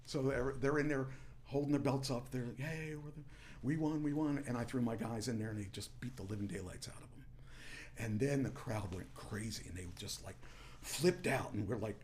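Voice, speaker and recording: A man, a former wrestler, telling stories in a casual podcast chat and rising into a loud promo voice when he quotes himself. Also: mid-range voice, a little fast. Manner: animated, shouts into promo voice when quoting himself. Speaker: former pro wrestler guest. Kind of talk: casual storytelling.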